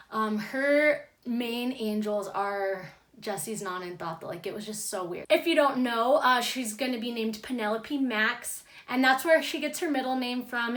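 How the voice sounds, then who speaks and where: Young woman vlogger, kinda high voice, just chatting thru a story, says like a lot. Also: a bit bright. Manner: chatty, heavy use of "like" fillers. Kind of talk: casual storytelling.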